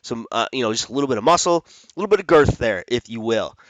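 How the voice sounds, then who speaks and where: A man's voice: mid-range voice, animated, fast, fairly bright tone, no room sound. Chatty man breaking down fight picks. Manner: chatty, rambling with restarts and self-corrections. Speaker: MMA fight picks host. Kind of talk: casual fight prediction talk.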